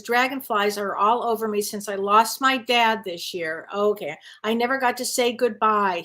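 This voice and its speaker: A woman co-hosting a casual spiritual chat show, an animated, chatty storyteller who reads viewer questions aloud. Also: mid-range voice. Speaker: co-host. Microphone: live online show.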